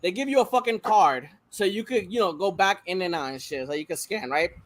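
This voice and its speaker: A man in casual chat with friends, excitable and profane, often laughing as he talks. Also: sits high, a little fast.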